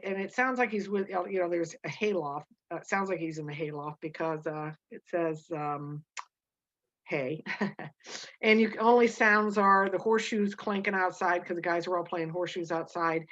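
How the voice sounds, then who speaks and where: A woman teacher explaining a novel chapter and reading passages aloud, halting with many fillers and restarts. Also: mid-range voice, fairly bright tone, highs cut off.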